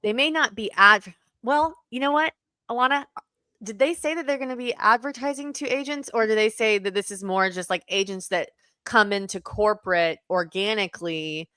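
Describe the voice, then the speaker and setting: A woman co-hosting a casual podcast, talking excitedly and often backtracking to correct herself. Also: medium pitch, moderate pace, no room sound. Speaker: podcast co-host.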